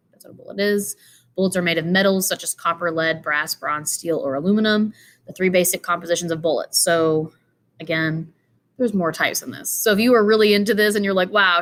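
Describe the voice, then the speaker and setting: A woman's voice: lowish voice, fairly bright tone, a little hiss or hum. A woman giving an informal lesson, walking through slides with many fillers and asides. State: tired, yawning. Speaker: teacher. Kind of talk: casual explanatory lecture.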